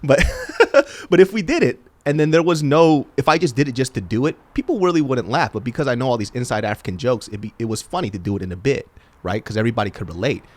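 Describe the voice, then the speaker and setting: A man's voice: mid-range voice, fast talker, no room sound. A man from Sacramento, a comedian guest in a casual podcast chat, laughing often and swearing freely. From Sacramento, California. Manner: laughs often, animated and profane.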